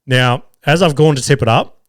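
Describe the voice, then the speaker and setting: A man's voice: medium pitch, moderate pace, no room sound, studio quality. An Australian man hosting a podcast, telling a family story in a casual, profane, laughing way. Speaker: podcast host; father of two young boys.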